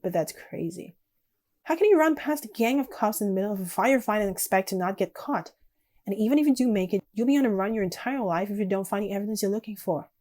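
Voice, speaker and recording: A woman streaming a text game, reading the story aloud evenly with quiet, casual asides. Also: medium pitch.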